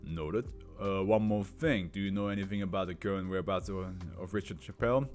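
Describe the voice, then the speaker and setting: A man voicing a persistent male police interrogator, asking measured, probing questions. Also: sits low, darkish tone, soft background music, natural voice.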